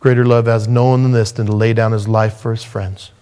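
A man preaching a sermon as a pastor, swinging from raised, intense passages down to hushed, soft ones. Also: on the low side, little pitch movement, brisk.

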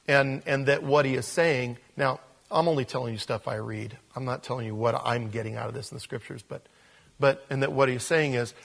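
A man's voice: mid-range voice, moderate pace, vocal fry, a bit bright. Emphatic preacher man, repeating for stress. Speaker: pastor. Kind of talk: verse-by-verse sermon.

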